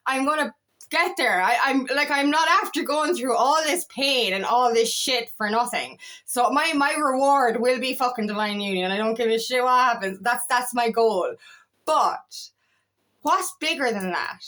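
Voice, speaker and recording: A woman's voice: on the high side, normal speed, sharp tone. A woman coaching in a casual monologue, blunt and passionate, who swears freely and keeps asking whether you know what she means. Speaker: feminine empowerment coach.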